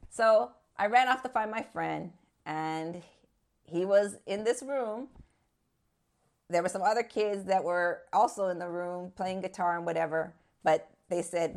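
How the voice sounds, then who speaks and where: A woman's voice: lowish voice, measured pace, vocal fry, darkish tone. A woman in her fifties telling her faith testimony as a story, acting out the voices in it and growing fervent near the end. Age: 50s. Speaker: speaker giving a testimony.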